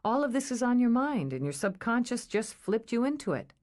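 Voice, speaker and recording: A woman's voice: on the high side, sing-song, brisk, a little mellow, pitched above the performer's own voice. A woman voicing a blunt, sardonic young woman.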